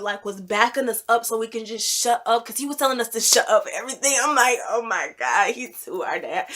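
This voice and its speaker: A young woman vlogger telling a personal story in a casual, animated and emphatic way. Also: mid-range voice. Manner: animated, emphatic storytelling with loud reenacted quotes. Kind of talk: storytime vlog.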